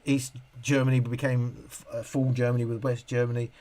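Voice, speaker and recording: Reading viewer comments on his casual live stream, this middle-aged man rambles through his answers, cutting himself off and starting over again and again. He speaks briskly in a mid-range, mellow voice with a level tone.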